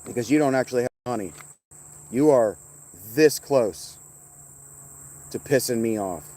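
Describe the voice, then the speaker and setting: A man's voice: mid-range voice, unhurried, dark tone. A man streaming casually outdoors, rambling and swearing as he teases viewers by name. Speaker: streamer reading chat. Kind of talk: casual livestream chat.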